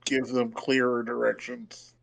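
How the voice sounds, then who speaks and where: A man's voice: mid-range voice, little pitch movement, unhurried, creaky, a bit bright, poor audio. A man playing a tabletop game, speaking bluntly and casually. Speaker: player.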